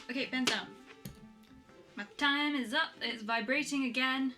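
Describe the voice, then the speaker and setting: A woman vlogging a poetry challenge, chatting in a self-deprecating way and reading her poems aloud slowly and softly. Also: high-pitched, over music. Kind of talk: casual chat and poetry reading.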